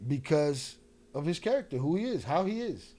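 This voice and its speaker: A man's voice: a little high, sing-song, normal speed, crowd noise. A man hosting a podcast, reacting to clips in heated, profane commentary and mocking the guest. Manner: profane, mocking, talks back at the clip.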